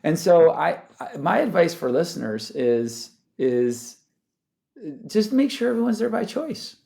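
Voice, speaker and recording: A man's voice: fairly high pitch, sing-song, measured pace, gravelly, mellow. A man speaking as a podcast guest, talking animatedly, often restarting sentences and laughing. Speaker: guest, startup founder. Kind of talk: conversational interview.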